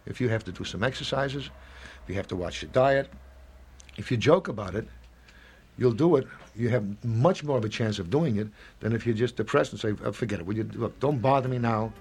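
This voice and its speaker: A man in his seventies speaking in an interview, rambling and halting, often acting out little snatches of dialogue. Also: mid-range voice, lively intonation, darkish tone, slight background noise. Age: 70s. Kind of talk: reflective interview talk.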